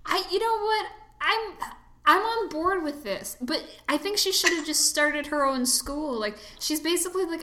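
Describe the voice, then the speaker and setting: A woman co-hosting a casual film review chat, talking in a loose, chatty way with lots of fillers. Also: moderate pace. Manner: chatty, lots of fillers, animated swings in pitch. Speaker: podcast co-host reviewing a film. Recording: echoey room.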